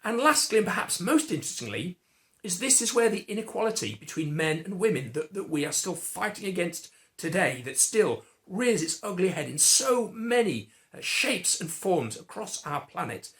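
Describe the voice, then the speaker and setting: English preacher, sermon voice, lively swooping pitch, animated delivery. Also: normal speed. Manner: animated, with playful acted outbursts.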